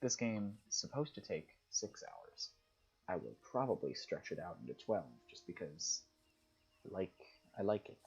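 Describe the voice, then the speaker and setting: A young man with a low, husky voice chats casually while he plays. He muses aloud and reads passages off the screen. The recording sounds dull and lo-fi. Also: very animated, moderate pace, darkish tone. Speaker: gaming streamer. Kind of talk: casual gameplay commentary.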